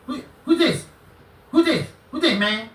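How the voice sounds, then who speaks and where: A man impersonating a hot-headed, angry man who shouts and interrupts, in a shrill yelling voice. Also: big pitch swings, measured pace, echoey room, recorded from a distance, full character voice. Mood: frantic.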